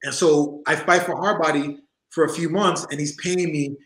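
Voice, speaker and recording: The guest is a man in his forties whose somewhat high voice bounces around the home room he is video-calling from. He speaks at normal speed, telling stories in a loose, lively way, breaking into laughter and mimicking the people he talks about during the interview.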